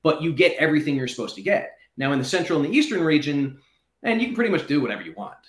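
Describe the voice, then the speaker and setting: Man, interview guest, quick pace, articulate, reasoned, echoey room. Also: on the high side, big pitch swings. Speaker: guest, former prisoner. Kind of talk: conversational interview. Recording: roomy echo.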